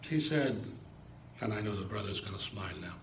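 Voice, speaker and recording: A man's voice: lowish voice, lively intonation, fairly quick, noisy background. A man, an imam, preaching a sermon in an emphatic storytelling way, dropping in Arabic phrases.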